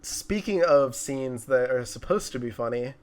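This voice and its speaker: A man's voice: medium pitch, expressive, unhurried. Chatty young man reviewing a movie. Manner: chatty, frequent fillers and restarts. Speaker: co-host of a movie review show. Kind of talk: casual movie discussion.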